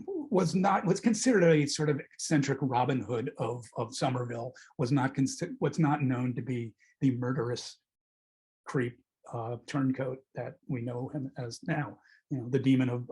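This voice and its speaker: A middle-aged male film critic leading a relaxed film club talk. His voice is husky and mid-pitched, and he wanders through his points with pauses and self-corrections. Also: low-quality recording. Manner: discursive, hesitant, self-correcting. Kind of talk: casual film discussion.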